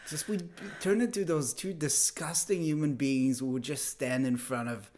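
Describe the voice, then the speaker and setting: A man's voice: medium pitch, fairly even intonation, normal speed, a little mellow. A man guesting on a comedy podcast, ranting bluntly and sarcastically in casual banter. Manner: blunt, sarcastic, provocative rants.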